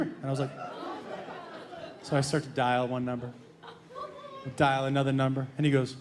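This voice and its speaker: A man telling a stand-up comedy story, acting out both sides of a conversation with animated shifts in voice. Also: moderate pace, pauses often, noisy background. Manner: animated, acts out dialogue with shifting pitch. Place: comedy club stage. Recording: echoey club with crowd laughter.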